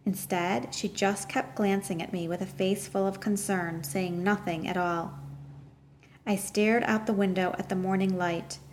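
A woman narrates a first-person novel in a measured, earnest storytelling voice. Her reading has the steady pace of an audiobook, with a faint hiss in the background. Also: mid-range voice.

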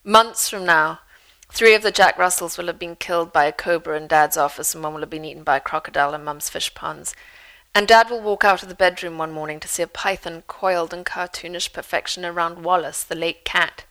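Brief: author reading her own memoir, lower-pitched woman, lively storyteller. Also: brisk, poor audio. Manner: lively storyteller, dry humor.

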